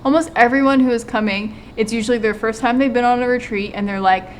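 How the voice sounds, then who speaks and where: A woman's voice: on the high side, fast, slight background noise. Chatty woman hosting a retreat chat. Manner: chatty, animated when quoting others. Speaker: retreat host and channel co-host. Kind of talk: casual chat. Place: lives in Hawaii.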